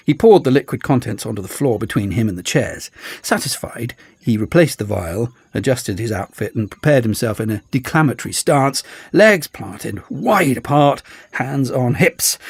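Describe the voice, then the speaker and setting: Expressive male audiobook narrator. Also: medium pitch, gravelly, husky, dry recording. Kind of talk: scripted narration.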